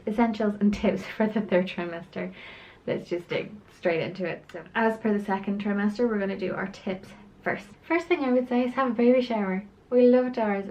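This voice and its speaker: In a casual, chatty vlog, a woman with a mid-range, slightly mellow voice talks while out of breath. She apologizes often and sighs and laughs as she goes.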